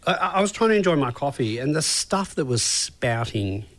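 A man co-hosting a breakfast radio show, telling stories in a casual, animated way and acting out what other people said. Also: mid-range voice, moderate pace, no room sound. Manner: animated storytelling, acts out quotes, laughs often. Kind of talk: casual on-air chat. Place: radio studio. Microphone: studio mic.

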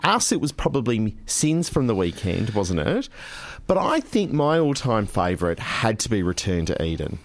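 A man's voice: on the low side, no echo. A man co-hosting a radio show, chatting casually and gushing over old TV. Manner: animated, gushing, quick to exclaim.

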